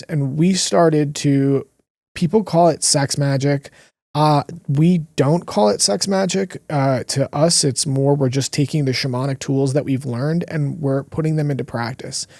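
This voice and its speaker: A man co-hosting a podcast, telling a personal story in an earnest, emotional way with drawn-out pauses. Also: medium pitch, warm tone, no echo, clean studio sound. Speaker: podcast co-host. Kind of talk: casual conversational storytelling.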